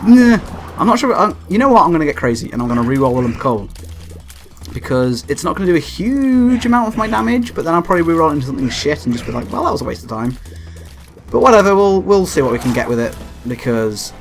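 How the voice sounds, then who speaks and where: Excitable young man commenting on gameplay. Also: a little high. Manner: excitable, yelps and shouts at the game when frustrated; swears and laughs often. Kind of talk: let's play commentary.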